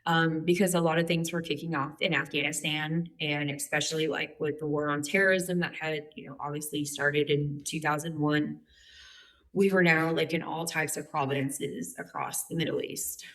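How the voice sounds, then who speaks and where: A woman's voice: low voice, fairly even intonation, moderate pace, a bit bright. A woman in her forties telling her life story as a guest, chatty and humorous with lots of fillers. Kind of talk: candid personal storytelling.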